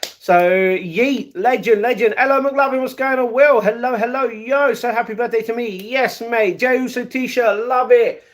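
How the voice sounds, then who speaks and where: A young man with a British accent and a notably high speaking voice for a man, hosting a casual live stream. He chats loosely with his viewers, greets them one by one, and slips into playful improvised rhymes. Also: fairly even intonation, normal speed, few pauses. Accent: British English. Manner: chatty, greets chat viewers by name; playful, breaks into improvised rap.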